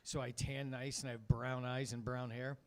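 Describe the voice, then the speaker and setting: A man's voice: medium pitch, level tone, normal speed. A middle-aged man hosting a comedy show, telling loose, profane stories in a stand-up set. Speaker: comedy host.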